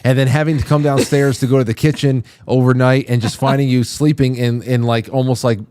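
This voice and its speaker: A man hosting a talk show, bantering casually and reading viewer comments, halting often. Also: medium pitch, little pitch movement, a little mellow, clear, resonant tone, no room sound. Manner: halting, friendly banter, reads chat comments. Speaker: host. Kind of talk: casual chat. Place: studio.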